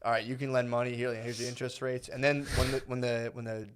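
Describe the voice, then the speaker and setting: A man's voice: medium pitch, level tone, fast talker, clean tone. Rambling, swearing man on a podcast. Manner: rambling, swearing, acts out voices in anecdotes. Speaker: podcast co-host. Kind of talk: casual podcast banter.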